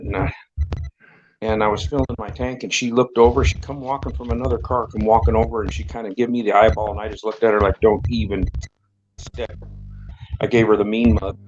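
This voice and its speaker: A man hosting a casual talk show, telling rambling anecdotes and acting out the people in them. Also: lowish voice. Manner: rambling storyteller who acts out quoted dialogue. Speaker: podcast host. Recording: dull lo-fi audio with faint noise.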